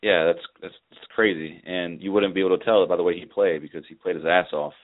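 A man who is a regular on a sports talk show, talking in a relaxed way with many fillers. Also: deep voice, fast talker. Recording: phone-like line.

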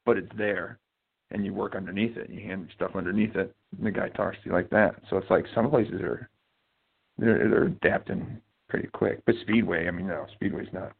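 A man's voice: low voice, fairly even intonation, moderate pace, gravelly, husky. A man co-hosting a casual call-in show, explaining things in an easygoing, rambling way. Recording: tinny phone-like audio.

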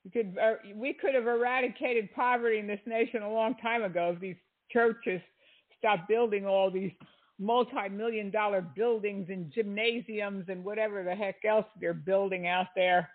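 A man's voice: sits high, fairly even intonation, normal speed. Male commentator, sarcastic and exasperated, tinny lo-fi audio. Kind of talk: critical commentary.

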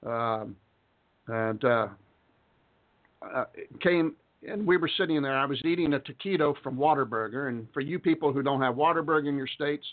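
A middle-aged man from Texas hosts a casual talk radio show, rambling through folksy asides and chuckling between thoughts. His voice sits at an ordinary middle pitch. The audio is thin and narrow, like a phone line. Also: moderate pace.

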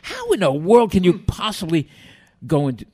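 Older new guy telling stories in an interview, bit high voice, really animated. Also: moderate pace, slightly rough. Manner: animated storyteller who acts out other people's lines. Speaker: interview guest. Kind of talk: storytelling in a podcast interview.

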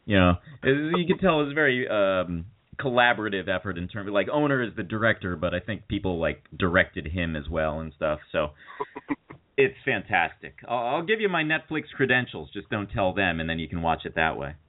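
A man's voice: low-pitched, sing-song, a little fast. A man hosting a radio chat show, rambling and giggly with lots of restarts. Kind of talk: casual comedic chat. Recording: tinny phone-like line.

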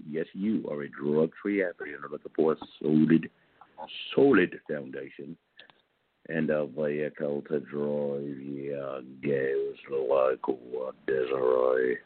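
Real low-voiced guy hosting a talk show over the phone, jokey n rambly. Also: flat delivery, unhurried. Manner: joking, rambling, playful. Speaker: host. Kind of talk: casual radio chat. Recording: dry tinny phone line.

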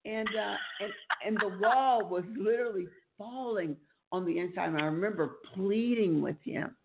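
A woman's voice: mid-range voice, normal speed. A woman hosting a Christian talk show, telling a personal story earnestly and emotionally. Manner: earnest, emotional storytelling, animated when reliving events. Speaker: host. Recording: tinny phone-like sound.

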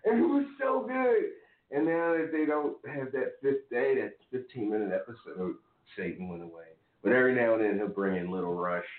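Laid-back man with a deep voice on a phone line. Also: brisk, few pauses, echoey room. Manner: laid-back, laughs often, slangy. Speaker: podcast co-host. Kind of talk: casual chat.

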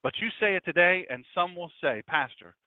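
Man, fiery broadcast sermon, loud-to-hushed swings, narrow phone-like audio. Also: sits high, lively intonation, brisk, dry recording. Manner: impassioned, swings from loud to hushed, mocking quoted voices. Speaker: pastor. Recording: dry, phone-like lo-fi sound.

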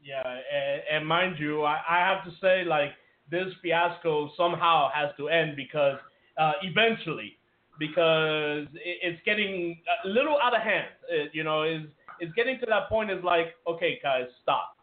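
A high-pitched man co-hosts a radio-style podcast. He rambles and stumbles over his words, restarting his sentences and laughing often. The sound is thin and tinny, like a phone line. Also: normal speed. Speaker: radio show co-host. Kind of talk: podcast interview.

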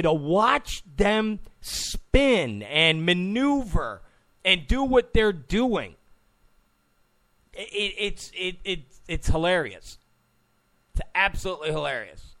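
A man's voice: sits high, vocal fry, fairly bright tone. A man hosting a political talk show, giving an opinionated monologue, emphatic, repeating phrases and stammering on restarts.

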